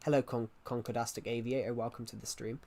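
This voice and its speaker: A man's voice: medium pitch, little pitch movement, quick pace, dark tone. A man chatting casually on a live stream, rambling and repeating himself as he restarts phrases. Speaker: game streamer.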